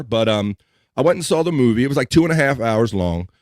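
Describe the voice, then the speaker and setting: With lively intonation and a fairly quick pace, the medium-pitched host casually chats through a live-stream podcast, his slight Mid-Atlantic twang showing as he restarts sentences. The studio sound is clean, with no room echo.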